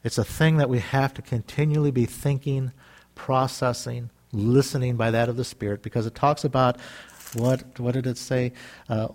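A man preaching a sermon in a lively, animated way, acting out quoted voices and laughing often. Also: mid-range voice, moderate pace. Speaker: pastor.

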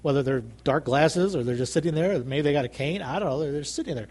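A man's voice: on the high side, quick pace, a little mellow. A man preaching a sermon, emphatic and repetitive, calling out for amens from the congregation. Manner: emphatic, repeats phrases, calls for amens.

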